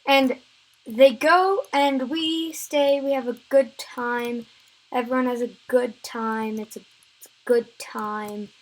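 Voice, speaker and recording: A woman's voice: a little high, steady tone, slow, poor audio. A woman vlogger telling a story time tale, rambling with many fillers and restarts.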